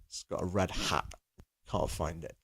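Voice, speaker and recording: A man's voice: low-pitched, measured pace, creaky, fairly bright tone, slightly rough. A man co-hosting a comedy podcast, telling a story in a mock-serious murmur. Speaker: podcast co-host. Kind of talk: deadpan comic podcast banter.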